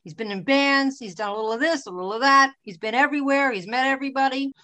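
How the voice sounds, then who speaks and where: Chatty woman podcast host, higher voice. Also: fast talker, pushed and bright, dry recording. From Boston, USA. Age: 50s. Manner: friendly, upbeat, chatty. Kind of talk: podcast intro and interview.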